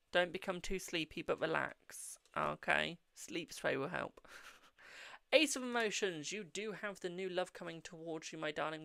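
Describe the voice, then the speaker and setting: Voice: medium pitch, vocal fry, fairly bright tone, no room sound. A tired, yawning tarot reader with a British accent, hosting a live-stream reading in a blunt but reassuring way, often saying "okay, my darling".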